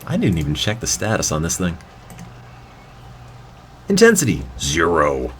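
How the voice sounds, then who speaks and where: Deep-voiced man joking over game music. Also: very animated, fast talker, a little hiss or hum. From New Jersey. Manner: dry, sarcastic joking. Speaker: let's play commentator. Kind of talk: game commentary.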